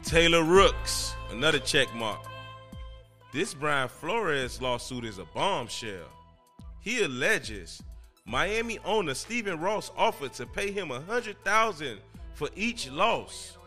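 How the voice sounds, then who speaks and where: A man hosting his own podcast, talking casually in an excitable, slangy, emphatic way. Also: fairly high pitch, slow, soft background music. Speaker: podcast host. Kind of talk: casual solo podcast commentary.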